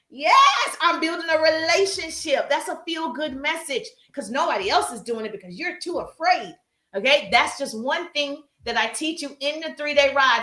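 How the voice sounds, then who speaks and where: Woman live-stream coach, high bright voice, emphatic and repetitive, in an echoey room. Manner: emphatic, repetitive, calls viewers "baby" and "pretty people", acts out viewers' voices. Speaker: social media coach hosting a live stream. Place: livestream while working out.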